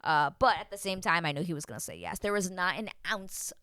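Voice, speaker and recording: A woman's voice: fairly low pitch, a little fast, dry recording. A woman chatting casually as a recap vlogger, animatedly acting out quotes from the show. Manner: chatty, animated, acts out quotes in put-on voices. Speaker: reality TV recap host.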